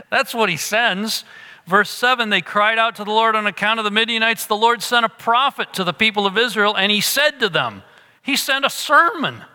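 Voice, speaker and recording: Man preaching, slightly high voice, gets loud then goes real quiet, echoey hall. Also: moderate pace. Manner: animated preaching, drops to a hush for emphasis. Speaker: pastor. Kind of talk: sermon.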